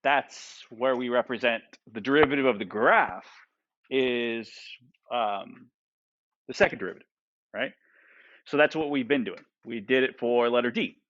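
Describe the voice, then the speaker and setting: A man's voice: mid-range voice, unhurried, fairly bright tone, dry recording, lo-fi sound. A male math teacher lecturing a class. He asks the students lots of questions and keeps checking in with "right?" and "okay?".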